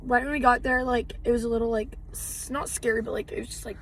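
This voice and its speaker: Rambling teen girl, slightly high voice. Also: fairly even intonation, fast. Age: teens. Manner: rambling, heavy use of "like". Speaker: podcast co-host. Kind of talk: casual chat. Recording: distant mic with faint background noise.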